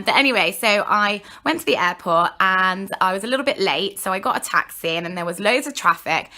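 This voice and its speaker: A young woman vlogger telling a story in a casual, animated way, acting out what people said. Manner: animated, acts out quotes with big pitch jumps.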